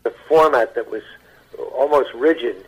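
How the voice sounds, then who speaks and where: An older man, an actor, telling stories in an interview in a halting way that repeats words. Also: medium pitch, husky. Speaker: actor as guest. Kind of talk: anecdotal interview talk. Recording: dull lo-fi radio broadcast.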